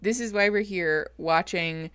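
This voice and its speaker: A woman's voice: lowish voice, measured pace, a bit bright, smooth. A woman therapist chatting casually on a live stream, greeting viewers and laughing often. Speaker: therapist streaming reaction show.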